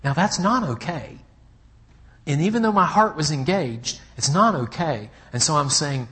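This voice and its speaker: A man preaching a sermon as a personal story, talking conversationally and checking in with his listeners, with swings from hushed to emphatic. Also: fairly high pitch, lively intonation, moderate pace. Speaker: pastor.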